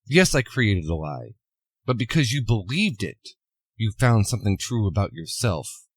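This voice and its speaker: A man voicing a calm, solemn masked male vigilante, speaking in a measured, earnest way. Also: fairly low pitch, no room sound.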